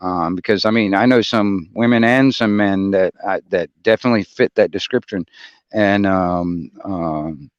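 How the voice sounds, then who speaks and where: Man, lowish voice, muffled lo-fi call audio; halting, filler-heavy speaker. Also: smooth, dry recording. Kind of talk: casual group chat.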